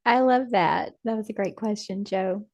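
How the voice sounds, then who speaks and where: A woman's voice: medium pitch, moderate pace. A woman hosting a group session, reading out questions in a chatty, loose way. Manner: chatty, hesitant with fillers, relays questions.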